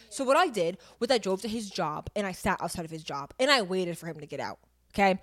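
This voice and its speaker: Fast and very animated, this woman in her twenties has a medium-pitched, slightly bright voice. Co-hosting a podcast, she candidly tells a personal story, chatty and filler-heavy but vivid.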